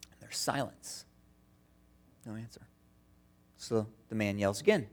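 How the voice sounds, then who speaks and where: A man's voice: fairly low pitch, animated, a little slow, pauses often, a little mellow. A man preaching a sermon as pastor, conversational and telling stories. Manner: conversational, storytelling with acted-out quotes.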